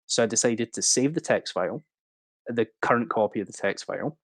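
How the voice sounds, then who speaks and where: Man, animated storyteller, low voice, dry close sound. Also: dry recording. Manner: animated anecdote-telling, swearing, acting out quotes. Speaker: guest speaker. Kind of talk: casual storytelling on a livestream.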